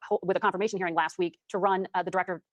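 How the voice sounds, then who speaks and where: A woman's voice: on the low side, fairly even intonation, rapid-fire, no echo. A woman interviewing a senator on television, asking probing questions. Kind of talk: TV news interview.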